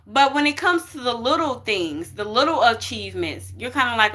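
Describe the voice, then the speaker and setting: Bright-voiced woman giving a chatty reading. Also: on the high side, expressive, normal speed. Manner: chatty, emphatic, keeps saying okay and y'all. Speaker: spiritual card reader. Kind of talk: casual spiritual reading to viewers.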